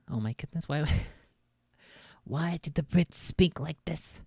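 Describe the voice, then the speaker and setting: A woman with a notably low, deep-set voice reads a novel aloud for her stream, tripping over phrasing and dropping offhand, swear-laced asides. The sound is dry and close, with no room to it. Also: slow pace, gravelly, darkish tone, husky, no echo. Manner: stumbles on lines, laughs and swears in asides. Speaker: streamer reading a book aloud. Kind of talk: casual read-aloud on stream.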